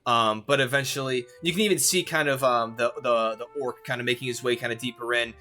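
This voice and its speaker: A man's voice: mid-range voice, fairly even intonation, brisk, sharp tone. A man narrating as game master of a tabletop game, rambling with lots of fillers.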